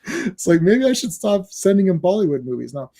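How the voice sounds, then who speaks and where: A man co-hosting a casual movie discussion, rambling and animated with quick asides. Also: high-pitched, slight background noise. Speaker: podcast co-host.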